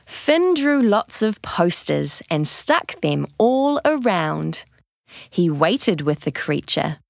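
A woman narrating a picture book aloud in a slow, expressive storytelling manner. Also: lowish voice, vocal fry, no room sound, studio quality.

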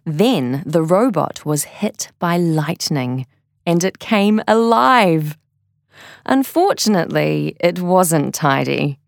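A woman reading a children's story in a gentle, clear, measured way. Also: on the low side, expressive, no echo, studio quality. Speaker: narrator.

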